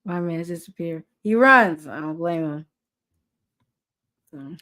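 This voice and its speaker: A woman's voice: lowish voice, animated, takes it slowly, pushed and bright, a little hiss or hum. A woman co-hosting a casual chat, blunt and exasperated, swearing freely as she presses her point.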